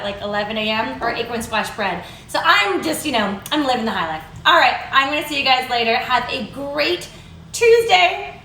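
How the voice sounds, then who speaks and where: Bubbly high-voiced woman cooking live. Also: roomy sound, slight background noise. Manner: bubbly, chatty and excitable. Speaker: cooking show host.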